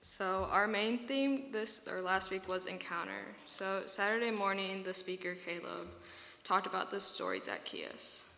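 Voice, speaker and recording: Woman recapping a retreat, chatty, bright voice, big echoey room. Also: medium pitch, measured pace, vocal fry. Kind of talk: casual spoken recap. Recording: roomy echo with long reverb.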